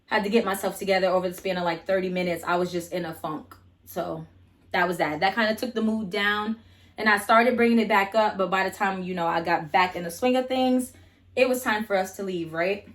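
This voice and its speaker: A woman's voice: medium pitch, a little fast, a bit bright. A young adult woman vlogger telling a casual storytime, blunt and profane, chatty with lots of fillers.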